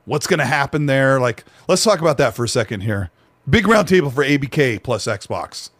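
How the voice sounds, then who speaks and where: A man's voice: mid-range voice, very animated, brisk, fairly bright tone, dry recording. A man hosting a casual gaming podcast, joking around and slipping into mock voices of other people. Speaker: podcast host.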